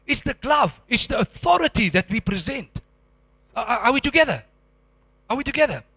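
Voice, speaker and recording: A middle-aged man, preaching a sermon and telling a dramatic testimony, acting out scenes with sudden loud outbursts. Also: very high voice, very animated, fairly quick, creaky, husky, no room sound.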